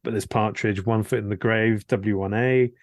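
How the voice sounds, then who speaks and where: A man hosting a podcast interview, asking measured questions that trail off. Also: lowish voice, steady tone, dry recording. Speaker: podcast host.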